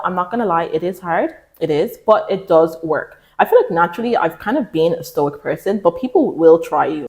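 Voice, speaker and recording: A young woman talking candidly to camera, giving self-help advice in a casual, emphatic way, acting out other people's lines as she goes. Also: medium pitch.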